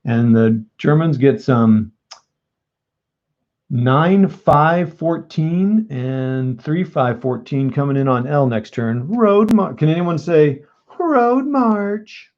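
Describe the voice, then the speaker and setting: A man's voice: mid-range voice, expressive, slow pace, highs cut off. A man streaming a board wargame live, joking, mocking himself and talking to his viewers. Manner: joking, self-mocking, talks to chat. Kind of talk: casual live-stream commentary.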